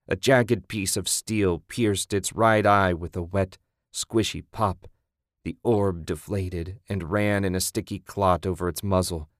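Deep-voiced man reading horror. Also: no room sound, clean studio sound. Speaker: narrator. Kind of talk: horror story narration.

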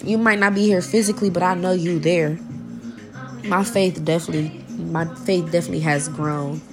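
A woman's voice: fairly low pitch, fairly even intonation, normal speed, music in the background. A young woman, talking to her viewers in a personal vlog, heartfelt and informal, often repeating herself as she searches for words, close to tears at times.

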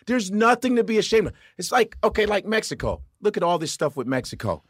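Speaking fast in a high, slightly rough voice, a male comedian guest chats loosely on a podcast. He's animated and profane and does mocking voices, and the studio-quality audio has no room sound.

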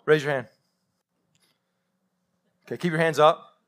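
A pastor preaches a live sermon in a church sanctuary, speaking straight to his congregation as he tells stories with animation. His voice sits a little high, and he keeps a measured pace.

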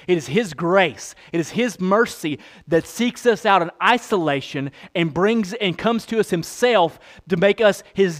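Emphatic, fairly high-voiced male pastor. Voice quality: swings from loud emphasis to low hush. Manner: emphatic, repeats phrases, calls for amens. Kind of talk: sermon.

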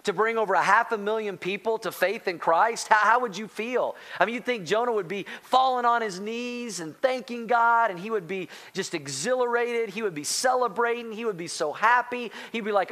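A man preaching a sermon as pastor, animated, talking straight to the congregation and calling out to them. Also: sits high, moderate pace, few pauses. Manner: animated, rising to near-shouting excitement; addresses congregation directly as church.

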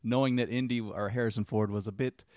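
A man's voice: lowish voice, fairly even intonation, quick pace, a little mellow, no room sound. A man reviewing a film on a casual podcast, with a wry, joking manner and frequent chuckles.

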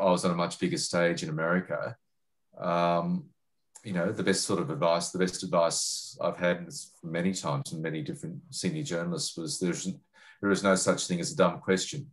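A man with an Australian accent and a deep, low-pitched voice answers questions in an interview. He speaks haltingly, stopping to restart his sentences and fill pauses with ums and uhs. He sounds middle-aged, a journalist talking about his reporting. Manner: hesitant, many fillers and restarts. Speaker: journalist and foreign correspondent.

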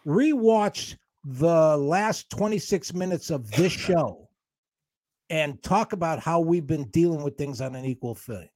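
A male talk show co-host in a heated on-air argument, defensive and combative, breaking into fast rants. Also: fairly high pitch, animated, a little mellow, no echo.

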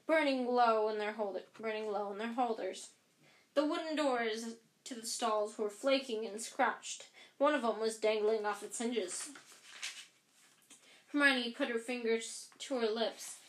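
Woman, audiobook reading, fairly high voice, relaxed, echoey room. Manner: relaxed read with self-corrections. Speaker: reader. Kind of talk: audiobook narration.

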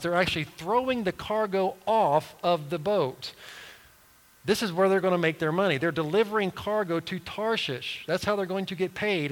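A man's voice: on the high side, in a large hall, poor audio. A man preaching a sermon, retelling a story with acted-out quotes and many restarts.

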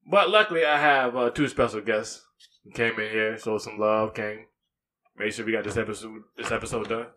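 Bright-voiced laid-back podcast host. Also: male voice, fairly low pitch, moderate pace. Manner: laid-back, teasing, colloquial. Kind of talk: casual podcast chat. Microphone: studio podcast mic.

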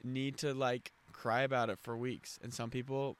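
A man's voice: medium pitch, level tone, normal speed, smooth. A man as a podcast guest, talking in a laid-back way with lots of fillers. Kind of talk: casual conversation.

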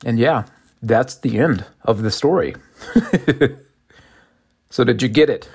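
A man's voice: mid-range voice, lively intonation, takes it slowly, darkish tone, breathy edge. A man preaching a reflective sermon, reading scripture and a parable and asking listeners questions. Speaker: pastor.

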